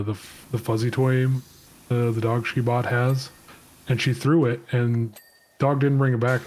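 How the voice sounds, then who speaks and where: A man chatting casually while gaming, telling halting, rambling stories full of fillers. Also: mid-range voice, darkish tone. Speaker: game stream co-player. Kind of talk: casual chat.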